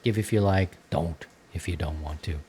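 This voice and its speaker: A middle-aged man hosts a casual hobby podcast in a lowish voice. He rambles easily from thought to thought, dotting his talk with fillers. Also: moderate pace, mellow, a little hiss or hum. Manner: rambling, easygoing, many fillers. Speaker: podcast host. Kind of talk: casual ham radio chat.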